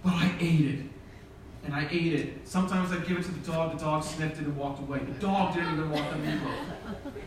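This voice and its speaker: A man's voice: a little high, fairly even intonation, a little fast, noisy background. A middle-aged man preaching a sermon as pastor, telling a humorous story and acting out the dialogue. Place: church sanctuary. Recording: very echoey church hall from far off.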